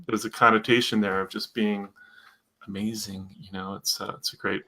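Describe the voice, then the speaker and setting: Bright-voiced American man co-hosting. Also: lowish voice, flat delivery, normal speed. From United States. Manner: chatty, rambling, reads viewer comments. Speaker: co-host of a live stream. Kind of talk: casual live-stream chat.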